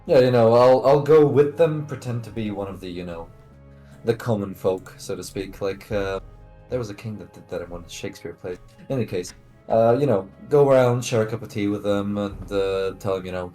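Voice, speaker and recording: A man playing a tabletop game, describing his plan in a casual, halting way with many fillers. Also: fairly low pitch, warm tone, faint music behind. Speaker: player.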